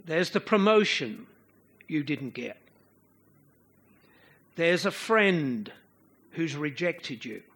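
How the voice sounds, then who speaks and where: A man preaching a sermon to a congregation, slow and expressive, sometimes chanting out the rhythms of verse. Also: on the high side, husky.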